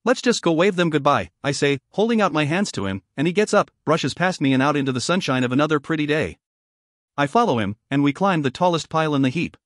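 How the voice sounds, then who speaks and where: A man narrating a first-person fantasy audiobook with expressive storytelling. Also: on the high side, quick pace, dry recording, studio quality.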